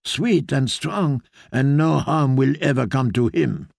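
A man's voice: mid-range voice, slow pace, creaky, a little mellow, dry recording, clean studio sound, exaggerated voice. A man voicing a coaxing foreign noblewoman. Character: soothing foreign noblewoman, seductive confidante. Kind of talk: audiobook character voice.

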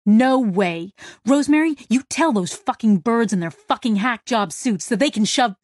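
A woman voicing a foul-mouthed, angry crew member who swears loudly. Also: on the high side, animated, moderate pace, no room sound, studio quality. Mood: furious. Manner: loud, swearing.

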